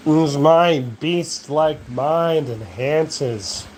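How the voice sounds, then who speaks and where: Sleepy man rambling slowly at night. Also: on the high side, a little mellow, a little hiss or hum. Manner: slow, drowsy, profane, meandering. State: sleepy, yawning. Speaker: vlogger. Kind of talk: rambling late-night monologue. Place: outdoors at night. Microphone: phone camera.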